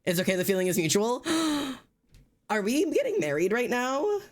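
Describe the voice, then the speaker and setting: A streamer chatting casually and loudly to live viewers, rambling and poking fun at themself. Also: mid-range voice, huge pitch swings, quick pace. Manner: loud, rambling and self-mocking. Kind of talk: casual livestream chat to viewers.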